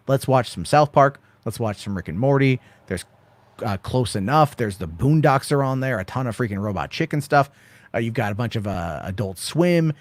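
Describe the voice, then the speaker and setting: A man's voice: medium pitch, a little mellow, no room sound. Rambling, profane man in casual chat. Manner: rambling, profane, reads viewer questions aloud. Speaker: host answering chat questions. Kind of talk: casual live-stream chat.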